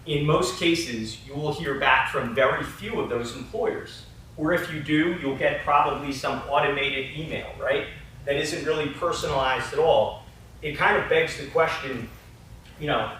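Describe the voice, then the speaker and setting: A man gives a loose, conversational talk at a conference, his voice bright and forceful. The sound comes from a distance in a very echoey hall, with a faint hiss underneath. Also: on the high side, moderate pace. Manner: conversational, with frequent "you know" and "right?". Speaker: conference presenter. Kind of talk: casual conference presentation.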